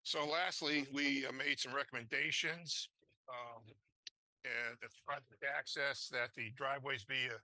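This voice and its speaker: A man's voice: mid-range voice, steady tone, bright, forceful tone, dry recording, low-quality recording. A man presenting a traffic study at a public board meeting, hesitant and full of fillers, and losing his voice. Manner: halting, many fillers and restarts.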